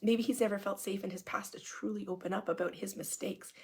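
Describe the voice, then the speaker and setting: A woman coach talks in a casual, upbeat and encouraging way, sometimes sinking almost to a whisper. Her voice is husky with a gravelly edge. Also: mid-range voice, steady tone, brisk, darkish tone. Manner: chatty, upbeat and encouraging, dropping to near-whispers at times. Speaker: marriage coach and hypnotist. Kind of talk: casual talk answering questions.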